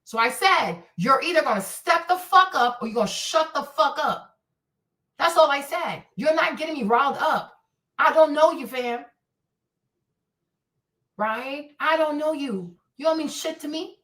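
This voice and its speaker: A high-pitched woman with a bright, sharp voice hosts a livestream and taunts the chat with profane, repetitive jabs. She sits some distance from the mic in an echoey room. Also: lively intonation, measured pace. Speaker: livestream host. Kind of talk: live-stream rant answering chat.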